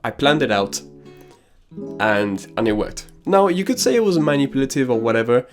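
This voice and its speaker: A man's voice: medium pitch, big pitch swings, normal speed, soft background music. Slangy man doing casual anime commentary. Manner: casual and slangy, drops crude asides; storytelling, personal anecdotes.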